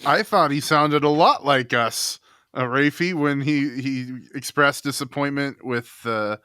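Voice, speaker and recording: A man's voice: medium pitch, measured pace, pushed and bright, clear, resonant tone, no echo. A man co-hosting a casual baseball podcast, chatty with some hesitant fillers. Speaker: podcast co-host.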